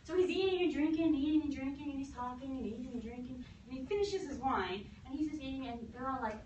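A woman history teacher telling a lecture as a lively story, acting out quotes and laughing along. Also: high-pitched, fast talker, muffled recording, slight background noise. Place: classroom. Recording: echoey classroom from far off.

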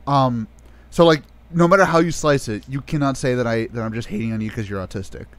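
A man's voice: mid-range voice, fairly quick, no echo. A man co-hosting a casual podcast, telling a story with a lot of swearing and acting out his own side of an argument. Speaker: podcast co-host.

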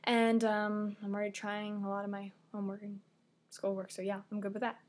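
A teenage girl chats to her camera in a loose, rambling way, getting excited and stumbling over her own sentences as she backtracks. Her voice sits at an ordinary middle pitch for a young woman. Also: fairly quick. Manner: rambling, excitable, self-correcting. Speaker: vlogger. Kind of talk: casual chat.

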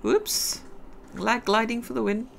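A woman's voice: a little high, steady tone, a little slow, vocal fry, slight background noise. A middle-aged woman, chatting and giggling her way through a let's-play game session. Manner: chatty, rambling, giggly asides. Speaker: gaming video host. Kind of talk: casual let's-play commentary.

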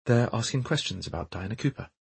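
A man voicing a calm, matter-of-fact middle-aged mother who speaks quietly and precisely. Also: medium pitch, fast, creaky, husky, dry recording, pitched above the performer's own voice, heavily acted. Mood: firm.

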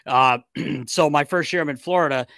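Male podcast host, lively yarn-spinner, slightly high and bright. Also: moderate pace, no echo, clean studio sound. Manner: animated storyteller, many restarts and swearing. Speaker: podcast host and former hockey player. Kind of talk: casual podcast storytelling.

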